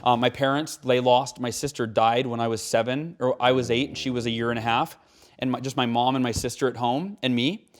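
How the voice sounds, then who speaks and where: A man in his forties, a guest author speaking in a casual interview, earnest and animated, acting out quotes as he tells stories. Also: mid-range voice, a little fast, a little hiss or hum.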